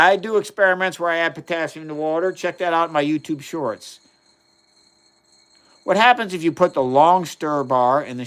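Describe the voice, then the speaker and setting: Fifty-something guy on a science livestream, kinda high voice, chatty and excited, explaining chem stuff to chat. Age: 50s. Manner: enthusiastic, answers viewer chat questions, explains plainly. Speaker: chemistry livestream host. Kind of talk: casual live-stream chat while doing experiments.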